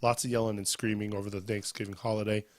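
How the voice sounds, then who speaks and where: A man's voice: on the low side, level tone, quick pace, dry recording. Guy hosting a footy podcast w a sore throat, upbeat plugs, dry close sound. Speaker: podcast host. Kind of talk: casual sports chat.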